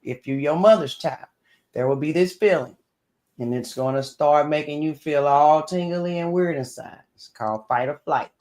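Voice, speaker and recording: A man co-hosting a casual chat show, telling relaxed stories about his own parenting. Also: a little high, normal speed. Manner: relaxed, storytelling. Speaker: co-host.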